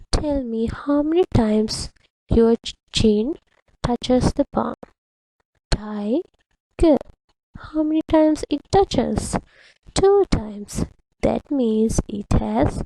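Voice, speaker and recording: Slow, gravelly teacher woman. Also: a little high, dark tone, dry recording, low-quality recording. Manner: patient, repeats words syllable by syllable. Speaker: primary English teacher. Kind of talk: slow, deliberate classroom instruction to children.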